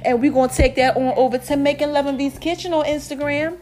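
A woman's voice: high voice, steady tone, quick pace, a little mellow. A woman from South Jersey hosting her own podcast in a casual monologue, playful and sassy, calling her listeners "babies" and herself "Mama". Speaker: podcast host.

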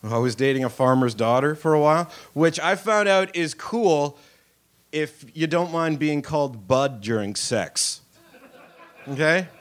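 On a club stage before a live crowd, a young comedian tells crude, self-deprecating stories and acts out the voices. His voice sits on the high side and moves a little slowly.

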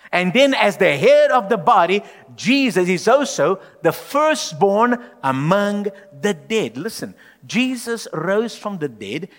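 Emphatic high-voiced male pastor preaching. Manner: emphatic, swinging from loud declarations to hushed low lines. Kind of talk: sermon. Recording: long hall reverb.

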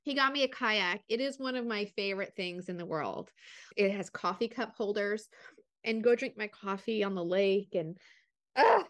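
A woman co-hosting a podcast, telling personal stories in an animated way and laughing often. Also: medium pitch, normal speed. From desert region. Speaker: podcast co-host. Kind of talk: casual storytelling.

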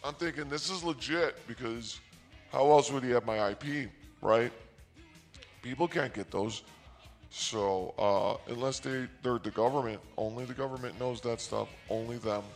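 A man hosting his own channel, telling a comic story in a rambling, self-mocking, deliberately naive way. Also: medium pitch, steady tone, faint music behind. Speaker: comedic storyteller and channel host.

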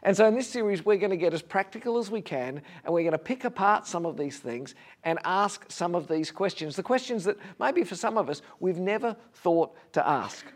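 Male pastor, casual preaching voice, pitched a touch high, asks the room questions. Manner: conversational, rhetorical questions, gently humorous. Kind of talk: sermon.

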